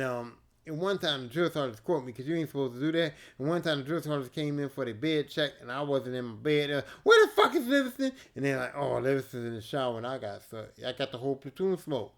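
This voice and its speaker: A male podcast host telling a casual story alone, laid-back, profane and animated. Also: on the high side.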